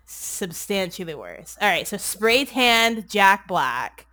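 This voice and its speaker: A woman's voice: medium pitch, big pitch swings, slow, bright, forceful tone. A woman casually recapping a movie on a comedy podcast, rambling and sarcastic, swearing often and saying "like" constantly. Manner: rambling, sarcastic, crude, heavy use of "like". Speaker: podcast co-host.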